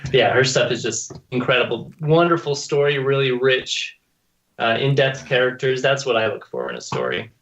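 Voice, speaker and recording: A man's voice: mid-range voice, animated, a little slow, a bit bright, dull audio. Easygoing male guest on a podcast. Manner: easygoing, laughs easily. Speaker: guest illustrator. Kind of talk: casual interview chat.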